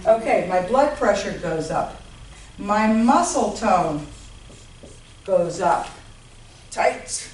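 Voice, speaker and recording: A woman's voice: mid-range voice, expressive, takes it slowly, long pauses, a little mellow. A woman giving an informal lecture on health to a class, often checking in with her listeners. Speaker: health educator. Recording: roomy, distant mic, faint noise.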